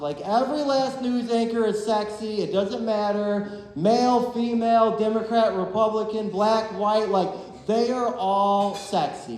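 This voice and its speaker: A man in his thirties from Ohio, performing a stand-up set with deadpan, self-deprecating punchlines. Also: sits high, measured pace, slight background noise. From Ohio, USA. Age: 30s. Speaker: stand-up comedian. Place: comedy club stage. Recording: very roomy, long reverb of a club.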